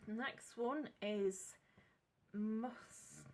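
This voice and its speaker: A woman's voice: mid-range voice, measured pace, fairly bright tone. An English woman chatting casually and unscripted in a craft vlog, rambling, correcting herself and apologising as she goes. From England. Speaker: craft vlogger.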